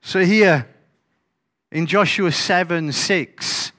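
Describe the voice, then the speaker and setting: A man gives a sermon in a high voice. He speaks in a conversational, emphatic way and often throws rhetorical questions at the congregation. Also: very slow, fairly bright tone. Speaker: pastor.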